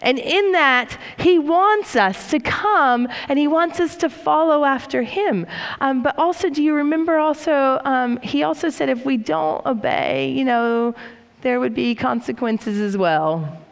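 A woman's voice: high-pitched, unhurried, gravelly. A woman preaching a sermon in a conversational, reflective way, with frequent fillers and restarts, in a church hall. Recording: reverberant hall.

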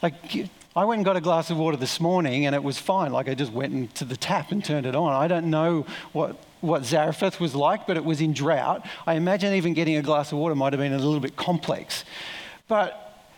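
A man's voice: a little high, brisk, long reverb tail. A man preaching a sermon in a conversational, reflective way, with asides and self-corrections.

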